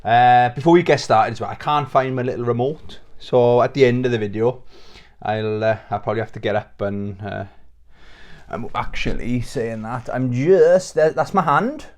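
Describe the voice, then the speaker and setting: A man's voice: medium pitch, normal speed. A British man hosting a casual video channel, rambling and joking at his own expense into a plugged-in microphone. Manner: rambling, jokey, self-mocking. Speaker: YouTube host. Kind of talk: casual vlog chat.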